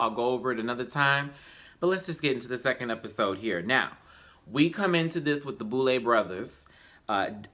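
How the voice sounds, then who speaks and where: A young man talks straight to camera in a loose, slangy review, tired but animated. His voice is bright and forward, and it leaps high when he gets excited. He sounds casual, as if it is late at night. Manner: chatty, animated, slangy, with high-pitched exclamations. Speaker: YouTube reviewer.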